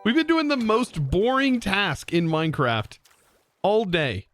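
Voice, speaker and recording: A young man hosting a live game stream, excitable, exclaiming often and thanking viewers. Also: high-pitched, unhurried, soft background music. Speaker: livestream host.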